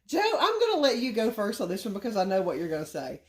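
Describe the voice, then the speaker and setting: A woman's voice: mid-range voice, wildly swooping pitch, quick pace. A middle-aged woman, co-hosting a family vlog in casual chat and laughing often. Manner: chatty, laughs often, Southern country talk.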